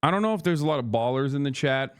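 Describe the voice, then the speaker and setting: Profane, animated male streamer. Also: mid-range voice, fast talker, smooth, no room sound, studio quality. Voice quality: profane, animated, mimics friends. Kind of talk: casual reaction commentary.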